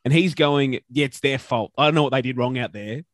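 A man's voice: medium pitch, a little fast, no room sound, clean studio sound. A man with an Australian accent talking sports in a casual podcast chat, opinionated and ranting, with some swearing. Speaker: podcast co-host.

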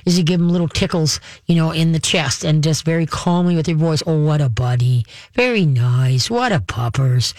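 A woman's voice: low-pitched, dry recording. A woman hosting a radio show, chatting casually about pets and acting out what the animals might say. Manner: chatty, acts out pets' voices and repeats questions.

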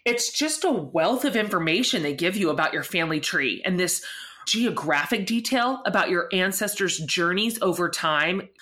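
A woman hosts a podcast interview in an effusive, enthusiastic way. Her voice sits a little low. She talks conversationally and reads sponsor spots in the same chatty tone. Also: expressive, moderate pace, pushed and bright. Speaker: podcast host. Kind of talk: warm conversational interview and read ad.

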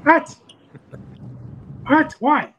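A man's voice: extremely high pitch, expressive, extremely slow, fairly bright tone, slight background noise. A man calling into a podcast, chatting in a laid-back, easygoing way. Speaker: caller. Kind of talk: casual call-in chat.

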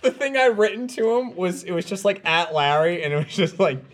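A man in his twenties with a fairly high voice, trading jokes with friends on a podcast. He pushes back on teasing and tells little anecdotes with dry humor. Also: animated, brisk. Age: 20s. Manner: joking, defensive banter. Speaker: podcast regular. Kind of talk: casual chat.

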